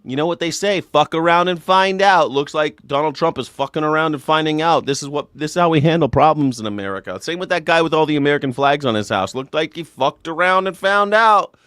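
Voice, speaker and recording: A man's voice: a little high, fairly quick, hardly any pauses, fairly bright tone, smooth, dry recording, studio quality. Sarcastic, profane man ranting live. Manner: sarcastic, profane, mocking voices. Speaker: live show host. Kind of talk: comedic political rant with chat callouts.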